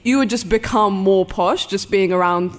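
Young london woman on a live podcast, giggly and rambly, lots of "like", middle pitch, echoey hall. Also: moderate pace. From England. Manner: chatty, giggly, heavy use of fillers. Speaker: podcast guest.

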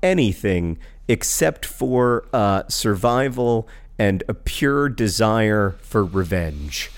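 A man's voice: lowish voice, animated, takes it slowly. A middle-aged man co-hosting a casual podcast, rambling and self-deprecating, with frequent fillers and restarts. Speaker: podcast co-host.

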